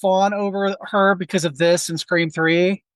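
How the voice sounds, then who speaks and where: A man's voice: high voice, flat delivery, measured pace, a bit bright, clean tone, no echo. A man in his forties, a podcast co-host, telling a long rambling anecdote in casual chat full of asides.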